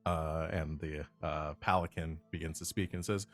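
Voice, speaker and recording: Deep-voiced guy running a tabletop game, lots of uhs and ums, faint music behind. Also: fairly even intonation, moderate pace, few pauses, a bit bright. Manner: rambling, many fillers like uh and um. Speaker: game master.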